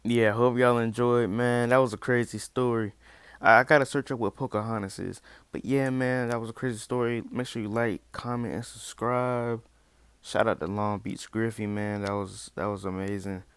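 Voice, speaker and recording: A laid-back man closes out his channel's video in relaxed slang, his voice smooth and clear. The recording is dry and close, with no room sound. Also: mid-range voice, moderate pace, no echo. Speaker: channel host. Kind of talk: casual outro talk.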